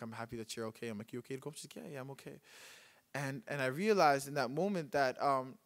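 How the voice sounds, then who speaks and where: A young man from Canada speaks on stage, and his voice sits high for a man. He tells a personal story in a rhythmic, impassioned way and repeats phrases for emphasis. It sounds like a spoken-word talk given to a live audience.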